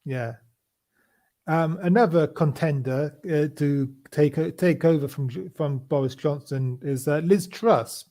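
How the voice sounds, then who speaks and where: A man hosts a casual political chat, stumbling through restarts and fillers at an unhurried pace. His voice is mellow and sits a little high for a man. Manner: halting, many restarts and fillers. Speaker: podcast host.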